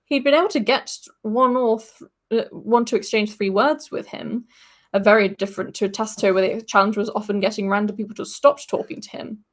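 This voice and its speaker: A woman's voice: medium pitch, steady tone, fairly quick. A woman hosting a podcast, reading a fantasy story aloud and breaking off now and then for casual asides.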